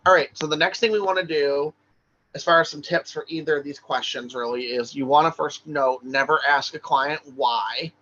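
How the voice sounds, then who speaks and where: A man's voice: a little high, moderate pace, sharp tone, muffled recording. A man teaching a recorded online class for social work exam prep, talking casually with lots of "right?" and "like".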